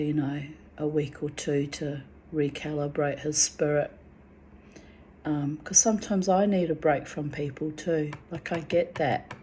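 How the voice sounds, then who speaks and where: Woman, low flat voice, dark tone, raw and profane monologue. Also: slight background noise. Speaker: spiritual vlogger. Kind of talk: emotional monologue to camera.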